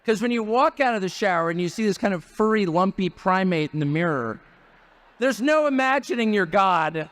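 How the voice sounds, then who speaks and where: A man's voice: high-pitched, lively intonation, moderate pace, a bit bright. A man in his fifties giving a rally speech with wry, joking asides. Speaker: guest speaker at a political rally.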